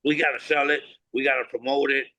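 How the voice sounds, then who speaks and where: A bright, forceful man tells stories in an interview with no-nonsense bluntness, acting out both sides of past conversations and swearing freely. His voice is close and dry, with no room sound at all. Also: medium pitch, little pitch movement, fast talker, no room sound, low-quality recording. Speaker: cigar company founder, guest. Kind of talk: animated storytelling interview.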